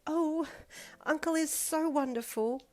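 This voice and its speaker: A woman voicing a sweet, polite teenage girl who gushes in a high voice. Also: a little fast, lightly acted. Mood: gushing.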